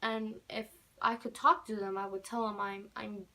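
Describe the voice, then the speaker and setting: Teen girl, casual storytime vlogger, rambling and filler-heavy, average pitch. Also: little pitch movement, normal speed, pushed and bright. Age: teens. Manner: rambling, many fillers, keeps repeating "normal".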